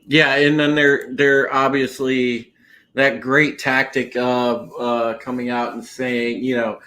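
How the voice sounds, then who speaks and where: A male co-host in a casual chat, chiming in with slow, sardonic remarks. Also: mid-range voice, flat delivery, sharp tone, low-quality recording.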